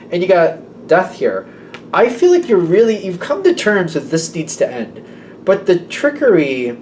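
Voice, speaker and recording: In poor audio with slight background noise, a man whose voice is a little high but darkish in tone gives an informal tarot reading. He drifts from point to point, corrects himself, and often voices his clients' imagined thoughts.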